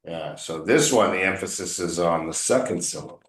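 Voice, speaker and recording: A man's voice: low-pitched, wildly swooping pitch, normal speed, hardly any pauses. A man coaching English one on one, patiently explaining words and drilling pronunciation by repeating them. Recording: roomy echo.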